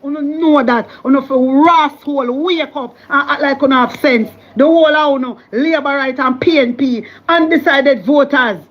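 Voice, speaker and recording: A woman's voice: high-pitched, moderate pace, few pauses, lo-fi sound. A woman with a Jamaican Patois accent giving an impassioned, scolding political rant as a vlogger.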